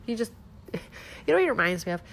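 A woman hosting casual political commentary, sarcastic and animated, firing off rhetorical questions with a stuffed-up nose. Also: fairly high pitch, normal speed, slight background noise.

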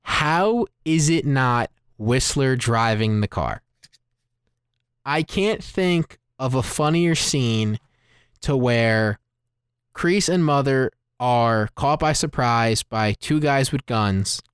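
A man co-hosting a movie podcast, recounting scenes with lively, chatty energy and plenty of "like." His voice is smooth and resonant. The close recording is dry, with no room sound. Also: medium pitch, slow pace, no room sound. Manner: animated storyteller, retells scenes with lots of "like". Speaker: podcast co-host, movie reviewer. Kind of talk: casual podcast discussion.

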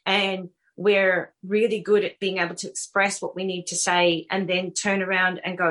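A woman's voice: mid-range voice, moderate pace, few pauses. A middle-aged woman with an Australian accent, a guest author telling stories animatedly in a casual podcast interview. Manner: warm, animated storytelling with laughs.

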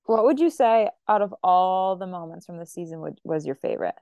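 A woman hosting a casual podcast chat, animated and giggly as she retells moments with quoted reactions. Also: on the low side, brisk, dry recording, muffled recording. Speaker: podcast host.

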